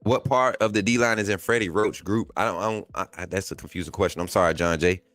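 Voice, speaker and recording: A man's voice: low-pitched, fast, fairly bright tone, dry recording, faint music behind. A man from Alabama with a Southern accent, hosting a live sports stream in a casual style, reading and answering chat comments with frequent laughter.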